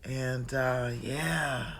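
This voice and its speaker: A woman in her forties sits at home and talks through a reflective vlog. Her voice is low for a woman but bright and forceful, and she takes her time. She keeps things chatty, calling the listener honey and child. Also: fairly even intonation, very slow. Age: 40s. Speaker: vlogger. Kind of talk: reflective casual monologue. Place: at home, indoors.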